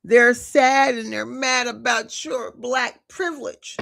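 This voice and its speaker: A woman's voice: fairly high pitch, steady tone, slow pace, gravelly, fairly bright tone. A woman giving a live collective tarot reading, talking casually and directly to her viewers with slang and frequent chatty asides. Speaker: tarot reader.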